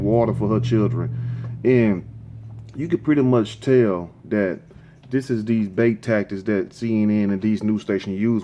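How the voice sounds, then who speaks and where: A man's voice: fairly low pitch, dark tone, muffled recording. A man hosting his own show, giving rambling, opinionated commentary in a casual, conversational way. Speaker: show host.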